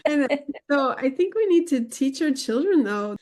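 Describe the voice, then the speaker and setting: A middle-aged woman hosting a podcast interview, chatty and animated as she tells stories. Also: sits high, normal speed. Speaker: podcast host.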